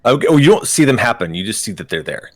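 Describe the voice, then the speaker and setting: A man running a tabletop game as game master, hesitant, with many pauses and restarts. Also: medium pitch, sing-song, no echo.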